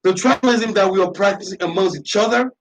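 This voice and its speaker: A man's voice: high-pitched, fast talker, poor audio. A man hosting a radio talk show, delivering an impassioned, preachy monologue with lots of repetition and emphasis.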